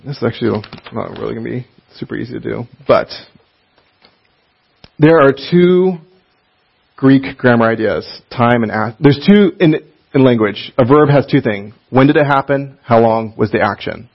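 A man teaching a casual Bible lesson in a chatty, animated way, laughing often as he reads passages aloud. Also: mid-range voice, normal speed, vocal fry, breathy edge, lo-fi sound.

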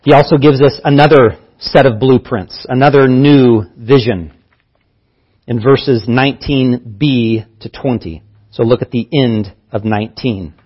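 A man's voice: medium pitch, a little slow, breathy edge, lo-fi sound. A man preaching a sermon as pastor, teaching earnestly and repeating key phrases for emphasis.

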